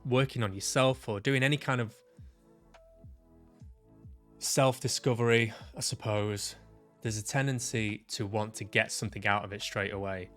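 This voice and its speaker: A man vlogging about his own experience, reflective and halting, often restarting his sentences and swearing casually. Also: on the low side, fairly even intonation, fairly bright tone, soft background music. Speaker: vlogger sharing personal experience. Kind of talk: reflective personal vlog monologue.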